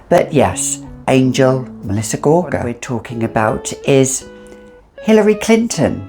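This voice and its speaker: A woman's voice: rumbling low, very animated, a little slow, dark tone, soft background music. A middle-aged woman chatting casually and with strong opinions as she reviews a fragrance. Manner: chatty, opinionated, sassy asides.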